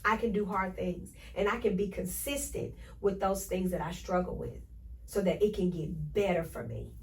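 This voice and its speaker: A woman hosting a motivational podcast, talking in an energetic, preachy way and repeating affirmations to her listeners. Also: on the low side, normal speed, recorded from a distance, poor audio. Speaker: podcast host.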